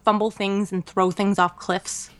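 A woman co-hosting a podcast, telling a travel story in a casual, animated way with many fillers and laughs. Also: medium pitch, a little slow, no echo. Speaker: podcast co-host. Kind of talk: casual chat.

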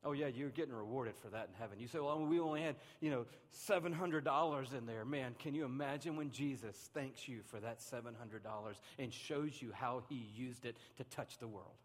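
A man preaching a sermon to his church, animated and swinging between loud and hushed delivery, acting out little voices. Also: mid-range voice, fairly quick, hardly any pauses. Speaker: pastor. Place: large church hall. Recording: long hall reverb.

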